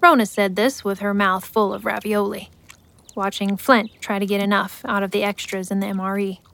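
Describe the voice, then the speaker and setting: Woman reading out a story, steady and measured, middle pitch. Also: vocal fry. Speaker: narrator. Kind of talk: scripted story narration.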